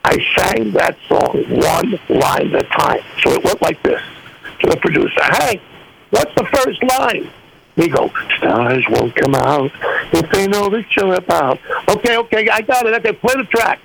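An older man with a high, gravelly voice that swings widely as he spins stories for a radio interview. He acts out every bit of dialogue with animated energy. A faint hiss sits under the recording. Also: moderate pace. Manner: animated storyteller acting out dialogue. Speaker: guest singer.

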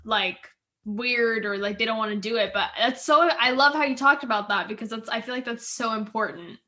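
A woman's voice: on the high side, moderate pace, pushed and bright. A woman hosting a casual podcast interview, enthusiastic and affirming, asking long, rambling questions. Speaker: podcast host.

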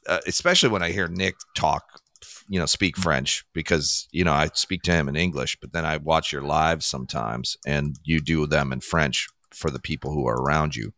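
A man's voice: a bass voice, moderate pace, sharp tone, no echo, studio quality. A man hosting a podcast in casual chat, rambling and joking, laughing at his own jokes. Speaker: podcast host.

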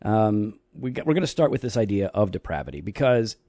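Guy cohosting a church-y podcast, lowish mellow voice, dry deadpan teasing, dead dry mic. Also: dry recording. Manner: dry, teasing, slow when explaining doctrine. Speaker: podcast co-host. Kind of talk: casual theological podcast chat.

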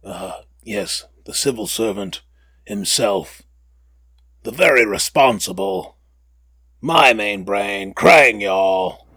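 A man's voice: on the low side, animated, slow pace, sharp tone, slightly rough, dry recording. A man hosting a casual podcast, rambling and joking with lots of fillers and self-corrections. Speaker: podcast host.

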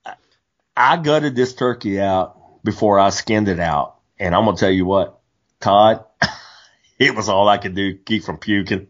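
A man's voice: fairly low pitch, measured pace, pauses often. A man co-hosting a casual hunting podcast, telling stories animatedly with many restarts. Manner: animated storyteller, frequent restarts. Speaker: podcast co-host. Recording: dull lo-fi podcast audio.

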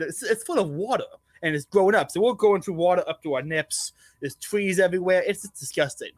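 Slightly high-voiced man, casual and profane. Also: a bit bright, no echo. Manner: loose, profane storytelling. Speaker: podcast host. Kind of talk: casual chat.

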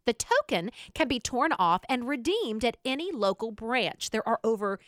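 Animated Southern woman radio host. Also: fairly high pitch, moderate pace, dry recording, studio quality. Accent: Southern American. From Southern United States. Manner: animated, teasing, reads quotes aloud. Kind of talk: casual chat reading news stories.

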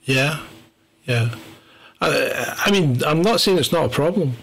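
A man's voice: a little high, expressive, unhurried, creaky, a bit bright, slightly rough. A man co-hosting a casual chat show, blunt and repetitive, often laughing. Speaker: podcast co-host.

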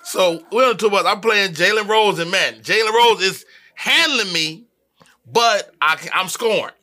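With a voice that sits high and a moderate pace, a comedian chats as a podcast guest, easily spinning stories about his early days on tour in a casual conversation.

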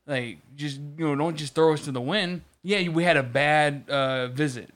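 A man's voice: on the high side, normal speed, a bit bright. A man in casual chat, telling a long story about work with lots of restarts and swearing. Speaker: podcast co-host.

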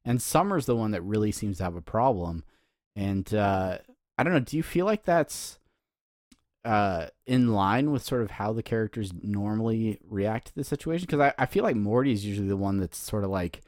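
Casting: male podcast co-host, lowish voice, hesitant and reflective, dry recording. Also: expressive, a little mellow, dry recording. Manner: halting, many restarts and fillers, thoughtful. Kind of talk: casual chat.

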